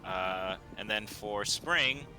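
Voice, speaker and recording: A man's voice: lowish voice, slow, over music. A man running a tabletop game as game master, describing scenes in a loose, rambling way with many fillers.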